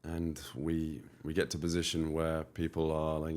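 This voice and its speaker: A man's voice: rumbling low, completely flat delivery, normal speed, darkish tone. A man from the United Kingdom, a guest entrepreneur on a podcast, talking in an emphatic, motivational way and repeating phrases for effect. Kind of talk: podcast interview.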